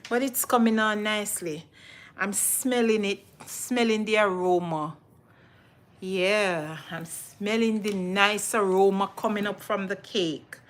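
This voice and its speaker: A woman's voice: medium pitch, fairly even intonation, slow. A middle-aged Jamaican woman hosting a casual cooking livestream from her home kitchen, chatting with viewers and repeating herself often.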